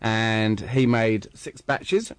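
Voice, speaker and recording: On a radio studio show, a wine commentator chats casually about wine, hesitant and full of fillers and restarts. His fairly low voice is animated but very slow, clean in tone and recorded dry on a studio mic.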